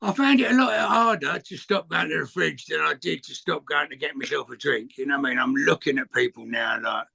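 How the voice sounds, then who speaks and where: A gravelly, husky older man spins rambling, cheeky anecdotes, swearing now and then and acting out other people's lines. His voice has a bright, forceful edge under the rasp. He is in his sixties and chatting casually. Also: fairly high pitch, a little fast, few pauses. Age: 60s. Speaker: guest answering questions. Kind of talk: casual chat, storytelling.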